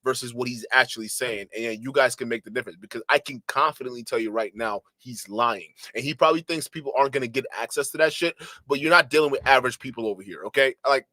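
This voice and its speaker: Exasperated male live-stream commentator, bright tone. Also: mid-range voice, fast, dry recording. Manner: animated, exasperated, mocking. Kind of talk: reaction commentary to chat.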